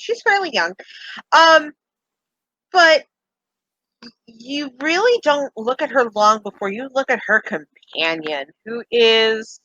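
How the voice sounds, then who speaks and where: Woman game master, tabletop narration, relaxed and chatty, bright voice, slow delivery. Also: fairly high pitch, dry recording, dull audio. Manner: relaxed, with many fillers and "kinda".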